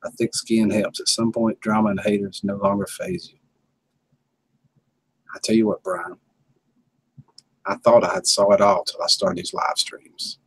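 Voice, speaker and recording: A man's voice: on the low side, animated, unhurried, gravelly, pauses often, a bit bright, husky, rough recording. A man hosting a casual livestream, chuckling and telling laid-back stories to viewers. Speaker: livestream host.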